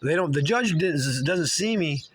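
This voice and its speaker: A man's voice: fairly high pitch, lively intonation, slight background noise. A man telling his own story in an angry, rambling monologue, swearing often and stumbling through many restarts. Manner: profane, agitated, halting with many restarts.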